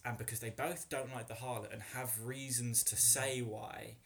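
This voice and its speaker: A man's voice: medium pitch, little pitch movement, normal speed, creaky, fairly bright tone. A man playing along in a comedic podcast chat, rambling as he thinks aloud. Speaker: player.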